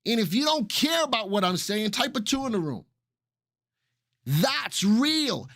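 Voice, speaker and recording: Animated man hosting a live stock webinar. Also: very high-pitched, no echo, studio quality. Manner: animated, repeats phrases for emphasis, addresses chat viewers. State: excited and sweating. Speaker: stock market webinar host.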